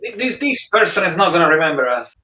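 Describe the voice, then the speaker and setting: Earnest player in an echoey room. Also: male voice, fairly high pitch, very animated, bright, forceful tone, slight background noise. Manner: earnest, halting, repeats words. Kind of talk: casual tabletop game talk. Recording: echoey room audio from far off.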